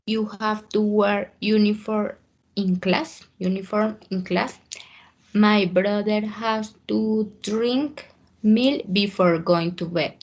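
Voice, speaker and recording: A woman student reading English example sentences aloud in class, slowly and carefully. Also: medium pitch, fairly even intonation, a little mellow, lo-fi sound. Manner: slow, careful, halting reading.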